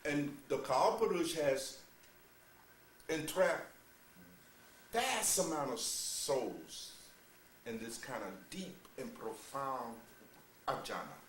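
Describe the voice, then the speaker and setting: A man giving a sermon as a spiritual teacher, calling listeners "beloved," moving between low, measured passages and loud, amused exclamations, with mocking asides and laughter. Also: animated, a little hiss or hum. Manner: addresses listeners as "beloved", asks "you see?". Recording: roomy, distant mic with faint ambience.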